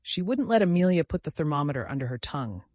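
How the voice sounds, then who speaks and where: A man's voice: fairly high pitch, animated, normal speed, no room sound, pitched above the performer's own voice. Male narrator as a whiny old spinster cousin, wailing, audiobook. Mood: fretful. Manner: wailing, whimpering. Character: fussy fretful older female cousin.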